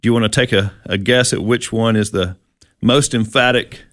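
A man's voice: on the low side, fairly even intonation, moderate pace, fairly bright tone, dry recording, clean studio sound. A man co-hosting a casual Bible teaching chat, explaining verses with plenty of fillers and restarts. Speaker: co-host.

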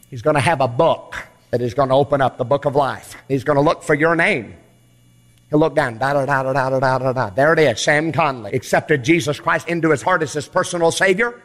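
Fiery revival preacher man, reverberant hall. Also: a little high. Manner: fiery, shifts from quiet to shouting. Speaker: evangelist preacher. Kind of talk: revival sermon.

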